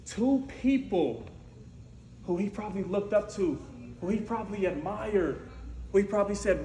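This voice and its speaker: A man preaching a storytelling sermon in a lively, conversational way, often asking "right?". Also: high-pitched, moderate pace. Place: church sanctuary. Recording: echoey church room with faint noise.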